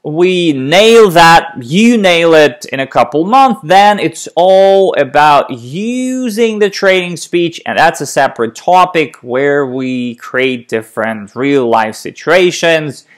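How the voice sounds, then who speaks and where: A stuttering coach giving an instructional talk, stressing key syllables and demonstrating phrases slowly, one syllable at a time. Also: medium pitch, expressive.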